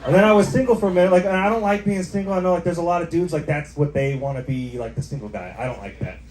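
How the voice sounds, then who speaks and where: A man's voice: fairly high pitch, racing, darkish tone. A young man doing a stand-up set in a bar, rambling casually and tossing in lots of "like" and "right?". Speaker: stand-up comedian. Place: bar with live audience. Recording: echoey bar with background noise.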